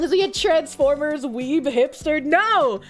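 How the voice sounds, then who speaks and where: A woman's voice: high-pitched, lively intonation, unhurried, soft background music. A woman streamer chatting casually with her viewers, swearing freely and often breaking into squealing laughter. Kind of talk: casual chat reading viewer comments.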